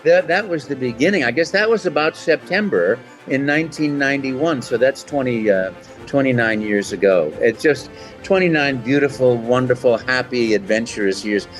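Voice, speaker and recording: A man's voice: medium pitch, moderate pace, faint music behind. A man, a voice actor, telling stories in a casual interview and acting out the voices. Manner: animated, acts out voices in anecdotes. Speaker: voice actor guest.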